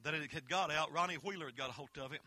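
A Southern Appalachian preacher delivers a holiness sermon in a very bright, ringing voice. He tells folksy, homespun stories and builds to impassioned peaks. He is recorded close and dry, with no room sound. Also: a little high, racing, no room sound. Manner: folksy storytelling that swells into impassioned shouting.

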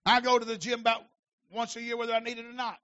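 A very high, bright-toned man preaching hard, his voice gravelly and pushed. He swings between shouted runs and quieter talk to the congregation. The recording is dull and lo-fi. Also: level tone, fast. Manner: shouting, preaching with rising fervor. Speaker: pastor. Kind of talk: sermon.

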